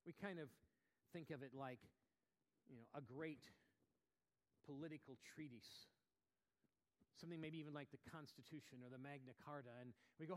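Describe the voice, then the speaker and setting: A man preaching a sermon as pastor, talking conversationally with restarts and asides, then rising to emphatic, animated passages. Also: fairly high pitch, moderate pace, pauses often, in a large hall. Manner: animated, rises to emphatic bursts.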